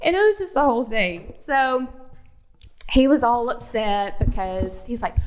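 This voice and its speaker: A woman candidly telling an animated personal story in a casual chat. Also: a little high, measured pace.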